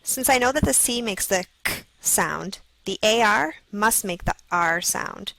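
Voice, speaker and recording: Gravelly woman narrating a reading lesson. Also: medium pitch, lively intonation, a bit bright, no room sound, rough recording. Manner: slow, clearly sounding out letters. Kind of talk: scripted instructional narration.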